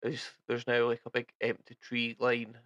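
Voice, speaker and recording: Relaxed male game master narrating. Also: medium pitch, normal speed, dry recording, dull audio.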